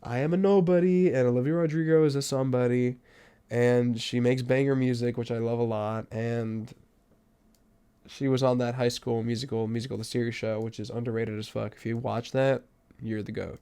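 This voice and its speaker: A young man hosting a podcast, telling stories in a casual monologue that swings from loud outbursts to low mutters. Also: flat delivery, moderate pace, clean tone. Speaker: podcast host.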